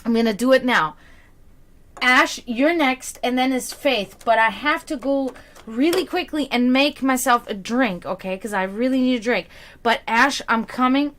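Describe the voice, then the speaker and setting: A woman's voice: a little high, moderate pace, fairly bright tone. A young woman chatting casually with her stream viewers as a psychic reader, laughing often and restarting her sentences.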